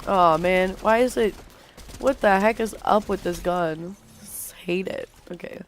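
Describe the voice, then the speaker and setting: A woman's voice: medium pitch, a little slow, slight background noise. A young woman livestreaming a game, rambling through a storytime with lots of fillers and casual swearing. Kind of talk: rambling storytime while gaming.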